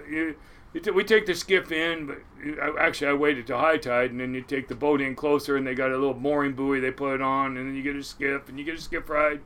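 A man's voice: on the high side, fairly bright tone. A man, telling a rambling, profane fishing story in casual conversation and acting out the voices of the people in it. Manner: rambling, profane, laughs often, acts out voices. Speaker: storyteller guest.

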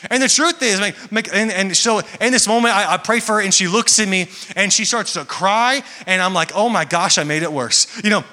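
A man's voice: high voice, brisk, few pauses, pushed and bright. A young man preaching to a church congregation, talking casually and joking. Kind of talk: sermon. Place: large church hall. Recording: echoey hall with long reverb.

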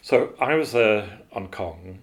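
Deep-voiced male animator telling stories. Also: animated, takes it slowly. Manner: rambling, with many fillers and restarts. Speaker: animator guest. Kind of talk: interview storytelling.

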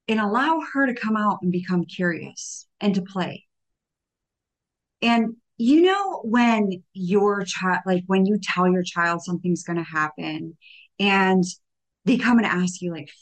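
Chatty woman giving a faith talk. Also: on the low side. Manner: conversational, many "like" fillers, acts out little dialogues. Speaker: podcast host. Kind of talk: faith-based motivational talk.

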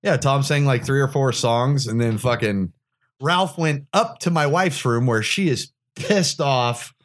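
A man's voice: mid-range voice, a little slow. A man hosting a podcast, telling a profane party story with lots of laughter. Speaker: podcast host. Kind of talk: casual storytelling chat.

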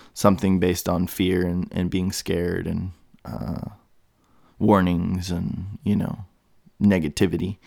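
This podcast host speaks in a low-pitched, creaky voice, wandering through a solo monologue full of fillers and false starts while hiccuping. The recording is clean, studio-quality, and echo-free.

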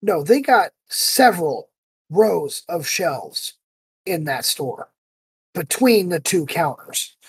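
Husky guy on a podcast, dry sound, really gets into acting out his story. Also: fairly high pitch, slow, no room sound. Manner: animated storyteller acting out heated quotes. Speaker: podcast co-host. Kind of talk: casual chat.

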